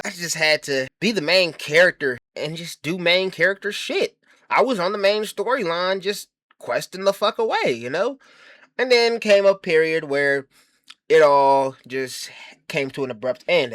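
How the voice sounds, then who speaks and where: A man's voice: fairly high pitch, fairly bright tone, no echo, clean studio sound. A man giving a comedic monologue, bragging in a brash, profane, mock-grandiose way and rambling through self-interrupting asides. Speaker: comedy commentary host.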